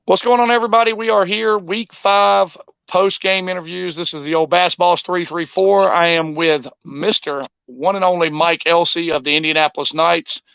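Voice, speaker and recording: A man's voice: high voice, steady tone, moderate pace, gravelly, a bit bright, clear, resonant tone, no echo, muffled recording. A man conducting a post-game interview in an upbeat presenter manner.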